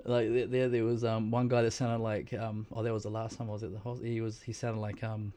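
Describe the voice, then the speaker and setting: A man's voice: lowish voice, little pitch movement, fairly quick, warm tone. A New man co-hosting a podcast, telling stories in a rambling, casual way with lots of fillers and laughs. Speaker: podcast co-host. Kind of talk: casual chat.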